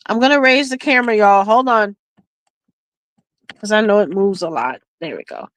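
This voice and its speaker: A woman's voice: a little high, lively intonation, a little slow, long pauses, fairly bright tone, no room sound, low-quality recording. A woman hosting a casual beading stream, telling a family story with lots of laughter and restarts. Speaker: craft livestream host. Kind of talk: casual chat while beading.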